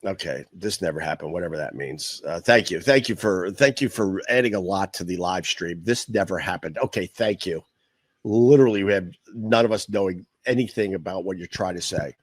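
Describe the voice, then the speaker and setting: A middle-aged man from Long Island hosts a livestream, rambling bluntly and swearing freely in a deep, low voice. The sound is dry and close, with no room around it. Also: brisk, slightly rough, no room sound. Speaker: podcast host. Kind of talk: casual livestream chat.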